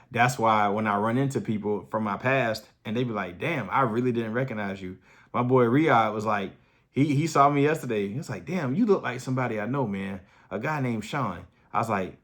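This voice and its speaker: A man's voice: medium pitch, fairly bright tone. Profane hyped-up man vlogging. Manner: blunt, profane, hyped-up storytelling. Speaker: fitness vlogger. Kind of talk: casual motivational monologue.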